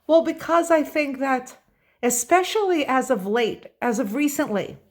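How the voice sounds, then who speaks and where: A woman's voice: sits high, a little slow. An American woman giving opinionated political commentary in a vlog, talking straight to her viewers and stressing key words. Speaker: political vlogger.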